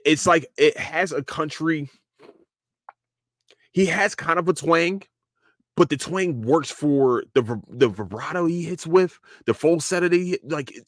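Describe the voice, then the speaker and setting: A podcast host talking casually in a loose, profane solo rant, with lots of restarts. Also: male voice, mid-range voice, no room sound, clean studio sound. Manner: animated, profane, repeats and restarts a lot.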